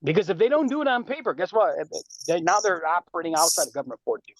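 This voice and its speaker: A man speaking on a group call in a boastful, animated way with streetwise slang, lecturing and taking questions. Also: sits high, quick pace, dry recording. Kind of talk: casual lecture and Q&A.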